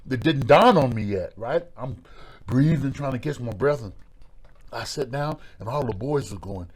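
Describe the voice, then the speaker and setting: A middle-aged man, a former pro wrestler, telling stories in a relaxed interview, with a lively way of talking that acts out voices and repeats words. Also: mid-range voice, moderate pace, husky. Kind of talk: storytelling in a podcast interview.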